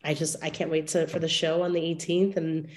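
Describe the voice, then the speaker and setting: A woman's voice: deep voice, flat delivery, brisk. A young woman guest artist in a casual chat, bubbly and chatty, laughing easily. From Las Vegas.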